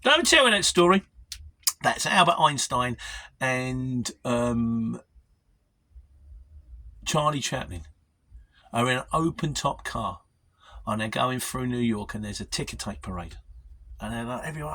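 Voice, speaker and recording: Middle-aged mockney bloke rambling thru viewer questions, husky voice, bouncy up and down pitch, self-deprecating. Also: male voice, expressive, moderate pace, pauses often, pushed and bright. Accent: London Mockney. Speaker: lorry driver vlogger. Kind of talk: casual chat answering viewer questions.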